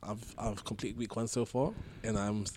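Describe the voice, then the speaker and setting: A man co-hosting a podcast, explaining in a casual, halting way with many restarts and repeated words. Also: fairly low pitch, steady tone, a little mellow. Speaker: podcast co-host. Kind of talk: casual chat.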